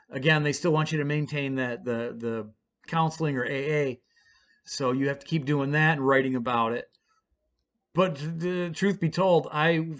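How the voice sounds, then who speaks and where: A man's voice: on the high side, a bit bright. A man casually telling his own story in a blunt, profane, rambling way, with frequent restarts.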